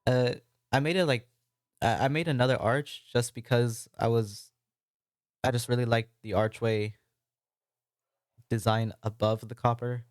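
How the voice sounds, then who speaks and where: A man's voice: medium pitch, steady tone, unhurried, pauses often, no echo, clean studio sound. Rambling self-deprecating American man. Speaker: Minecraft building let's-play creator. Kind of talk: casual narrated gameplay commentary.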